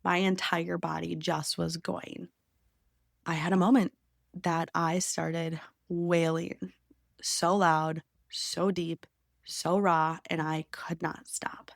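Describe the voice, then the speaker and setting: A young woman shares a personal story on her podcast, her voice low and gravelly. She speaks intimately and emotionally, now and then dropping to a whisper. The recording is dry and close. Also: dry recording. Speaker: podcast host.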